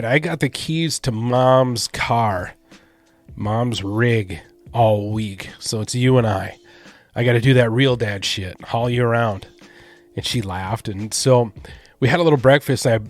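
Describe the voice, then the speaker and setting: Middle-aged guy rambling thru a story on his podcast, easygoing, cusses a bit, faint music in back. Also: medium pitch. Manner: relaxed, rambling, swears casually. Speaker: podcast host. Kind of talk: casual storytelling monologue.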